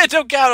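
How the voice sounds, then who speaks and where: A man's voice: very high-pitched, pushed and bright. A man hosting a let's play, giving playful, giggly commentary and talking back to the game. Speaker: gaming channel host.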